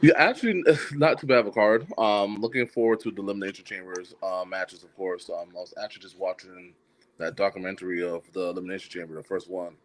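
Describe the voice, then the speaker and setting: A man joining a casual podcast as a panelist, relaxed and chatty. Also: low-pitched, fast talker.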